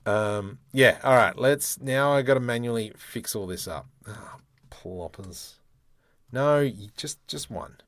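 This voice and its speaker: A man demonstrating 3D modeling software, thinking aloud in a playful way and muttering keyboard shortcuts and mild exclamations as he works. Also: medium pitch, a little slow, few pauses, dry recording. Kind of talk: screen-recorded software tutorial, thinking aloud.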